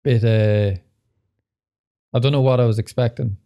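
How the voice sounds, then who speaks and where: Mellow-voiced podcast host. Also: male voice, medium pitch, fairly even intonation, moderate pace. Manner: loose, rambling, laughs easily. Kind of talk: casual podcast chat.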